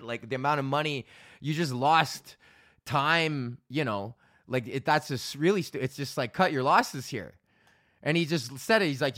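Recorded dry in a clean studio, this Alberta-born comic hosts his own podcast, spinning a lengthy, profane story full of laughter and playing both people in the exchange. He speaks at a moderate pace with long pauses, in a fairly high, slightly bright and very animated voice.

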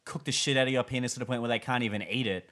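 A man's voice: medium pitch, fairly even intonation, racing, pushed and bright. A man co-hosting a podcast, talking casually with dry humor and many fillers. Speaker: podcast co-host.

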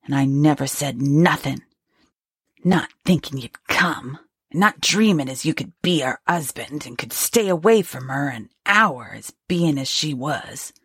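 Bitter grieving old servant woman, low and husky, slow and scolding read by a woman narrator. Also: animated, fairly bright tone, no echo, clean studio sound, exaggerated voice. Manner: harsh, scolding, rural ungrammatical speech. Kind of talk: audiobook reading.

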